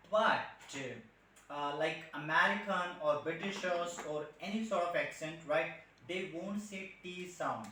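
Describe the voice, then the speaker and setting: A male English trainer with an Indian accent, speaking in a fairly high, bright voice. He explains patiently, demonstrates sounds and keeps checking in with his learners. His voice rings around a very echoey room and comes from a little away from the mic. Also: unhurried, recorded from a distance, a little hiss or hum. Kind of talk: spoken English lesson.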